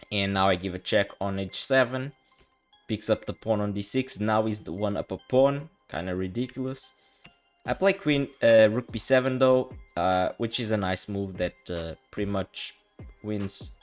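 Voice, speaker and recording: A young man casually recapping his own chess tournament game, telling the story in an animated, exasperated way full of slang and acting out what was said. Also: fairly low pitch. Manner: animated, exasperated, slangy, acts out quoted lines.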